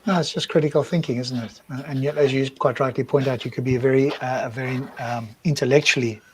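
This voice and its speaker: A man's voice: medium pitch, steady tone, fast, darkish tone, a little hiss or hum. A man co-hosting a live discussion, arguing his point through a string of rhetorical questions. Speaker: co-host. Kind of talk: casual live-stream discussion.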